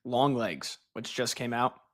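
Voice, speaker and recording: Bright-voiced sports radio co-host. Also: male voice, medium pitch, measured pace. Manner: joking, chatty. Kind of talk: casual radio banter.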